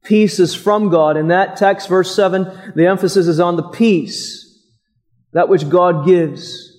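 A man preaching a sermon as pastor, slow and deliberate, pausing for emphasis on single words. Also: sits high, steady tone, darkish tone. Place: church.

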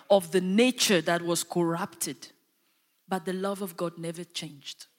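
A woman delivers a sermon at a measured, unhurried pace. Her voice carries a long reverb, as if she is filling a large hall. She swells on key lines and calls out to her listeners for a response. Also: mid-range voice. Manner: impassioned, rising and falling emphasis with call-and-response. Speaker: preacher.

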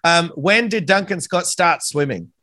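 An Australian man hosting a podcast, chatting casually and warmly with a guest, calling him mate and laughing easily. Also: high voice, expressive, measured pace, no room sound, studio quality. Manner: friendly, says "mate" often, laughs easily. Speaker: podcast host. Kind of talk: casual interview chat.

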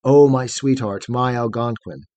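A lovelorn young maiden, her lament soft, tender and wistful, as a man reads her out. The delivery is close and dry. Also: medium pitch, unhurried, no echo, voice pushed down, lightly acted. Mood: longing.

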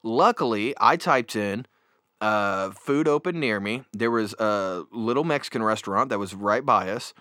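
A man hosting a casual chat show, telling stories in a rambling, animated way with many fillers, close on a desk microphone. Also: on the low side, moderate pace, no room sound. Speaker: podcast host. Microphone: new desk microphone.

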